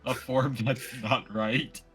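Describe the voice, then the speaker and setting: A co-host on a casual gaming stream, talking hesitantly with many pauses and uhs. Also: mid-range voice, steady tone, over music.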